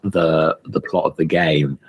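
A man's voice: very deep voice, fairly even intonation, measured pace, slightly rough, no room sound. A man co-hosting a podcast, chatting casually in a wry, playful way. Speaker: podcast co-host. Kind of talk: casual chat.

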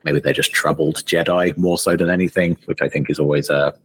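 Deep husky man, podcast co-host. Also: steady tone, a little fast, no room sound. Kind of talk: casual chat.

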